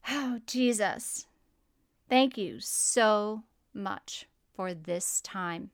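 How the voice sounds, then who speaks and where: A woman's voice: mid-range voice, no echo, clean studio sound. A middle-aged woman co-hosting a faith podcast, telling stories and praying aloud in an earnest way. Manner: slow, warm, earnest. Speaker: podcast co-host. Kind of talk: casual chat and spoken prayer.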